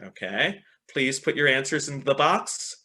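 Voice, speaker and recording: A man's voice: medium pitch, expressive, normal speed, pushed and bright. A man presenting a teacher training webinar over a video call, upbeat and encouraging, often repeating "excellent" and checking in with "right?". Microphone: computer mic on a video call.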